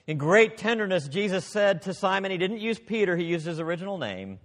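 A man preaching a sermon, expressive, swinging from loud emphasis to hushed, quiet passages. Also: high-pitched, fairly quick, few pauses, in a large hall.

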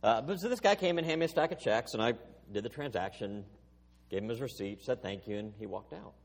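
Middle-aged male pastor, lively sermon delivery, husky, reverberant hall. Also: medium pitch, fairly quick. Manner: storytelling, animated.

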